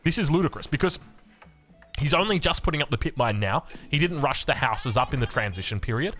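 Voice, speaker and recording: A man's voice: medium pitch, animated, a little fast, pushed and bright, faint music behind. A man with an Australian accent giving casual, rambling commentary over a strategy game, with chatty asides. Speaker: game caster and coach.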